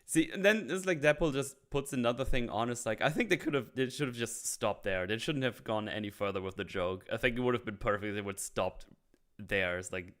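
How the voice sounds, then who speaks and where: A man hosting a casual movie review chat, rambling and trailing off into low mumbles. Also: fairly quick, a bit bright. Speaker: host.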